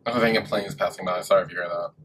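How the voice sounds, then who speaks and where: A man giving casual, animated reaction commentary while he watches a show. He swears freely and breaks into laughing asides. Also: sits low, racing, a little hiss or hum. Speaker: reaction video host.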